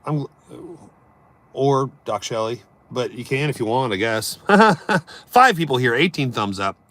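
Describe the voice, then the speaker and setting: A man hosting a casual live stream, joking around and answering viewers' chat, swinging between loud bursts and mumbled asides. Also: medium pitch, animated, a little slow, dry recording.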